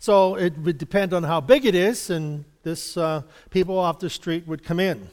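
A man's voice: high voice, moderate pace, a little mellow, big-room sound. A man giving an informal Bible study, chatty and rambling, chuckling often and acting out little exchanges. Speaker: Bible teacher.

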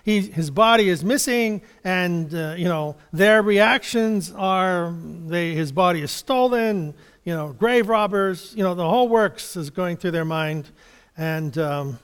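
A man with a fairly high voice gives a chatty Bible-study sermon, stopping and restarting his thoughts. His voice rings with long reverb, as if in a church hall. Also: clean tone. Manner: conversational, halting, chuckles, restarts. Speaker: preacher.

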